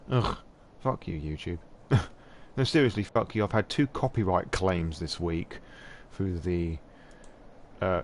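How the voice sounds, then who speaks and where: Guy with a lowish voice chatting away on his stream, swears a lot, laughs a lot, bit of faint hiss behind. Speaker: live-stream host. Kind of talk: casual live-stream chat.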